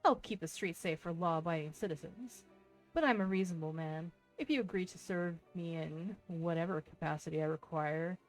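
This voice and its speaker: A woman's voice: lowish voice, brisk, soft background music, close to an everyday voice, low-quality recording. A woman reading a sneering bully merchant. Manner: sneering, threatening.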